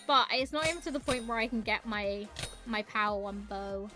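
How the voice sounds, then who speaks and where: Bright high-voiced chatty woman streamer. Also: moderate pace, faint music behind. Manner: rambling, chatty, greets viewers. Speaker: game streamer. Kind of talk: casual live-stream chat while gaming.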